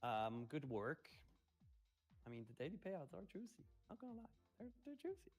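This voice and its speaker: An upbeat, playful man hosts a livestream in casual chat, reading viewer comments aloud and rallying the audience. His voice sits a bit higher than most men's, with faint music playing behind him. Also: big pitch swings, moderate pace, breathy edge.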